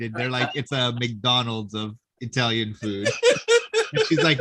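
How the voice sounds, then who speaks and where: A man's voice: medium pitch, very animated, normal speed, very noisy. A man co-hosting a podcast in casual chat, teasing his friends with a laugh and acting out quotes. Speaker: podcast co-host.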